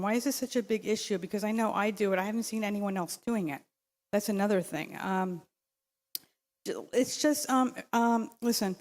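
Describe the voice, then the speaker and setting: Insistent woman at a council podium. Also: mid-range voice. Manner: insistent, rambling, with many fillers and restarts. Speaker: public commenter at a city council meeting. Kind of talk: public comment at a council meeting. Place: council meeting chamber. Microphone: podium microphone.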